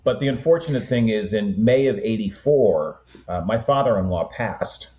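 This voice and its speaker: Deep-voiced older man telling family stories. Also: normal speed, highs cut off. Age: 60s. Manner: relaxed, rambling anecdotes with frequent "um" and "you know". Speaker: guest. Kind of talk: conversational storytelling.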